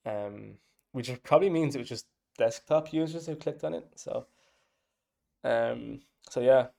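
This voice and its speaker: Creaky and mellow, this man's mid-range voice carries a casual dev log. As an app developer, he thinks aloud about his app's design, filling the talk with plenty of fillers.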